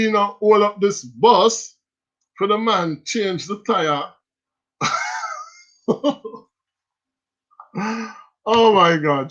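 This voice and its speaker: A man's voice: sits high, a bit bright. A Jamaican man hosting a casual stream, telling stories in patois and laughing often. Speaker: livestream host. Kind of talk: casual storytelling. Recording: slightly dull lo-fi sound.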